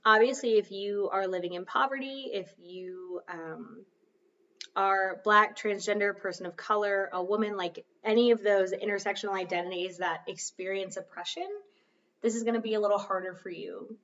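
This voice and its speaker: A woman's voice: mid-range voice, steady tone, moderate pace, a bit bright. Chatty woman host, slightly distant, dull sound. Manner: chatty, self-deprecating, coaching tone. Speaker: podcast host. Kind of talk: casual solo podcast talk.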